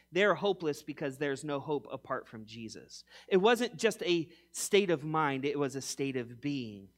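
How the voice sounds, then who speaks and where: A man in his forties preaching a sermon, emphatic, swinging between loud punchy lines and quiet low ones, acting out mock quotes with humor. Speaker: pastor.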